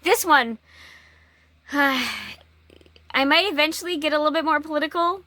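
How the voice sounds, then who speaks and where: A woman talking in a casual personal vlog, halting, with long pauses and restarts. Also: sits high, sharp tone, dry recording. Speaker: vlogger.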